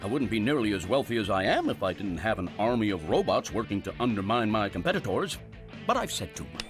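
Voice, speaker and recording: A man voicing a smug, secretive rich inventor in an animated series, talking in a smug way. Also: fast, over music. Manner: smug, with wild pitch swoops.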